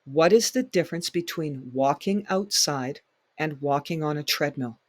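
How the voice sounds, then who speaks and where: A man's voice: fairly high pitch, moderate pace. A man with a slightly raised voice leads a fitness workshop, pressing his points with emphatic repetition. The sound is dry and close, with no room echo. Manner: emphatic, repeats key points, acts out client reactions. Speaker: fitness instructor. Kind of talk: workshop lecture.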